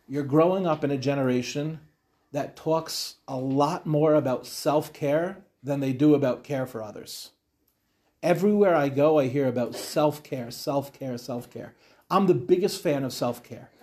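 A man's voice: fairly high pitch, moderate pace, a little mellow. A man, a rabbi, teaching a Torah class to young women, talking animatedly with rhetorical questions and retold dialogues.

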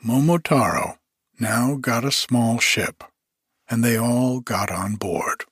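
Male audiobook reader, husky tone, unhurried, dry close sound. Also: mid-range voice, a bit bright, no echo. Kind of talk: scripted storybook narration.

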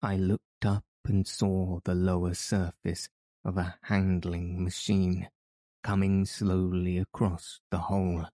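Deep, slow male audiobook narrator. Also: flat delivery, warm tone, dry recording. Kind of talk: scripted narration.

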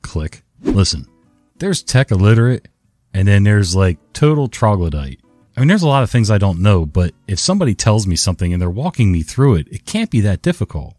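A man's voice: fairly low pitch, very animated, fairly quick, darkish tone, no room sound, faint music behind. A man who works a help desk, telling stories casually with exasperated, sarcastic asides. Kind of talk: casual storytelling.

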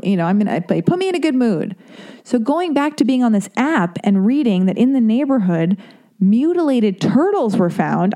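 A woman's voice: mid-range voice, sing-song, moderate pace, warm tone. A woman hosting a podcast, telling a long casual story in a chatty, profane way full of asides and tangents. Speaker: podcast host.

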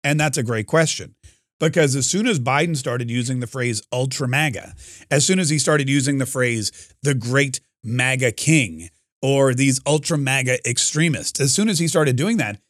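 Sarcastic middle-aged talk host, dry mic. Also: male voice, medium pitch, moderate pace, a bit bright, no room sound. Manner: sarcastic, riffs with acted-out quotes and laughs. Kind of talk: comedic political monologue.

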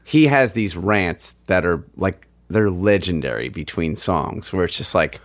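A man, a guitarist, chatting casually on a podcast with a hoarse voice. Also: deep voice, expressive, a little slow. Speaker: guitarist, co-host. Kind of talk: casual chat.

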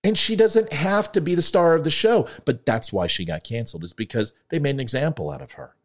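Male commentator, slightly high and very lively pitch, sarcastic, ranting monologue. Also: brisk. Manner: sarcastic, ranting, swings between loud and muttered. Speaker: online commentator.

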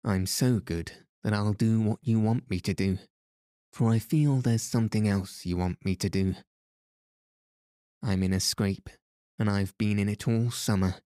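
A man's voice: lowish voice, steady tone, a little slow, dark tone, no echo, lightly acted. A man reading the part of a genial, teasing middle-aged priest with dry, playful humor. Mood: gently teasing.

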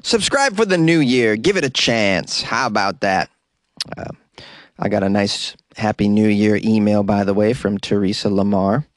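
A man hosts his comedy podcast from a tiny closet studio, talking off the cuff and joking. His voice leaps up high when he hits a punchline. The sound is dry and close, with no room around it. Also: normal speed, no echo. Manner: jokey, animated, voice often jumps high for punchlines. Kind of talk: casual improvised monologue.

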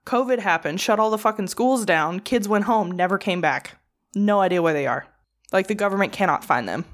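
Give me an animated woman telling a true crime story, swearing freely and casually. Her pitch sits in a middle range, and she talks like she's chatting with a friend. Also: a little fast. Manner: profane, animated storyteller with mocking quoted voices.

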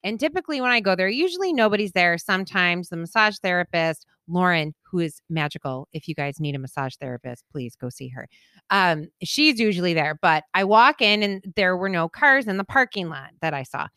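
A woman's voice: on the low side, fairly quick, smooth, no room sound, clean studio sound. A woman co-hosting a podcast, telling a story in casual chat, often laughing and acting out what people said. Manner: animated, laughs through her story; acts out quoted voices loudly. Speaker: podcast co-host.

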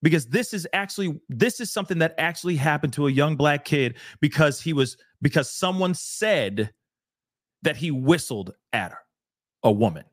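A man's voice: a little high, expressive, moderate pace, no echo, clean studio sound. A man co-hosting a casual talk show, speaking emphatically and repeating phrases for emphasis. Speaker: podcast co-host. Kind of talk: casual discussion.

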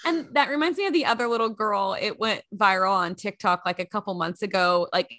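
A woman's voice: medium pitch, fairly quick, pushed and bright. A young woman from Texas co-hosting a casual podcast, a former TV news reporter who trades playful one-liners and joking asides. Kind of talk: casual chat.

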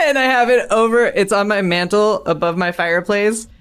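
A man co-hosting a podcast in casual chat, telling animated stories and giggling often. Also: high-pitched, clear, resonant tone. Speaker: podcast co-host.

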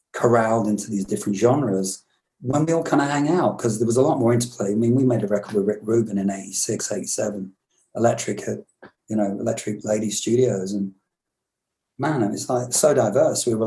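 A British man in his fifties with a low, mellow voice recounts stories as an interview guest. He rambles and restarts, reflective rather than polished. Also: a little fast, low-quality recording. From Britain. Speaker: musician guest. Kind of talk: storytelling interview.

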